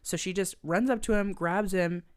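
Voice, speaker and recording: Woman co-host, low-ish voice, casual swearing movie recap, lots of acted-out dialogue. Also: moderate pace, no echo, clean studio sound. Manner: animated, swears a lot, acts out characters' lines. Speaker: podcast co-host.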